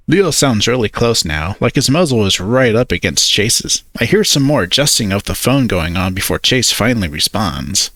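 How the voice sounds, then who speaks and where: A man's voice: mid-range voice, big pitch swings, normal speed, hardly any pauses, a bit bright, no echo. A man narrating a first-person story, hesitant and awkward in his character's lines.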